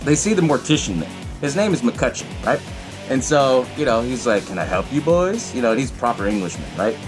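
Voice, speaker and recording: A man hosting a podcast, casually recapping a film in a profane, animated way and acting out the characters' lines. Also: mid-range voice, fairly quick, over music. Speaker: podcast host.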